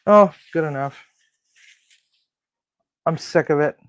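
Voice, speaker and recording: Slow-talking host grumbling in a kitchen. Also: mid-range voice, no room sound. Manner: chatty, mutters and grumbles to self while cooking. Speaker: cooking stream host. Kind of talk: casual live cooking chat. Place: home kitchen.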